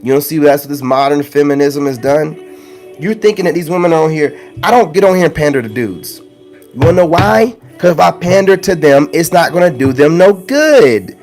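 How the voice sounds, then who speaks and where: A blunt, preachy man lectures his viewers in a slangy, conversational rant. His voice sits a little high for a man. He hammers points home by repeating them, and faint music plays underneath. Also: animated, moderate pace, a little mellow. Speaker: spiritual self-help vlogger. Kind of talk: ranting monologue to viewers.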